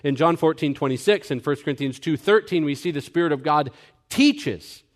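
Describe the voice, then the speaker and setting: A man's voice: fairly high pitch, animated, moderate pace. Earnest young man preaching a sermon. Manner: earnest, mimics people in quoted asides. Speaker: pastor. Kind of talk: sermon teaching.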